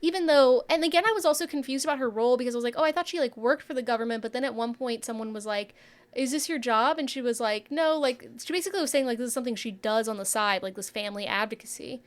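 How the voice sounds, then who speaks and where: A young woman from Virginia co-hosting a podcast, telling TV anecdotes in a relaxed, chatty way. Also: fairly high pitch, fast. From Virginia, USA. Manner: relaxed, storytelling with quoted asides. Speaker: podcast co-host. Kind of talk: casual pop culture chat.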